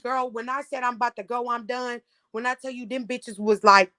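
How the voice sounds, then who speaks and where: Brief: woman host, casual storytelling, profane and animated, slightly high voice, dry close sound. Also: brisk, no room sound. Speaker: vlog host recounting an audition.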